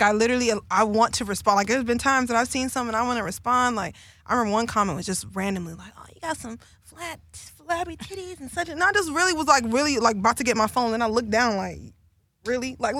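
Calm woman podcast guest, a bit high. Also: quick pace. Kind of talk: casual podcast chat.

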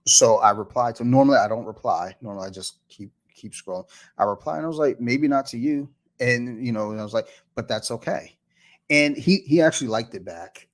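A man's voice: mid-range voice, a little fast. A man hosting a podcast in casual chat, easygoing, laughing often and swearing casually. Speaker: podcast host.

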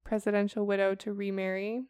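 A woman's voice: medium pitch, flat delivery, a little fast, darkish tone, smooth, dry recording, studio quality. A young woman co-hosting a podcast, presenting a history report in casual chat full of "like" and "um". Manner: chatty and casual, heavy with fillers like "like" and "um".

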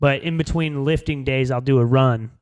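A man's voice: mid-range voice, steady tone, moderate pace. A young man co-hosting a podcast, chatting casually and calling his friend dude. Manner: laid-back, calls his friend dude. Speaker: podcast co-host. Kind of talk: casual chat.

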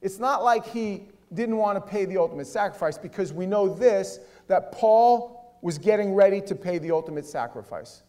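A male pastor preaching a sermon in a casual, animated way, swinging between loud and hushed delivery. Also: sits high, moderate pace, hardly any pauses.

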